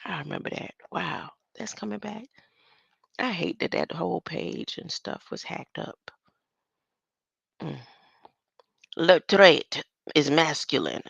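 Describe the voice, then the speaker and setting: Gravelly, slow-talking older woman. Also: sits low, fairly bright tone, dry recording, lo-fi sound. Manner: rambling, musing aloud, laughs often. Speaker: online streamer. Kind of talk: casual solo talk on word meanings.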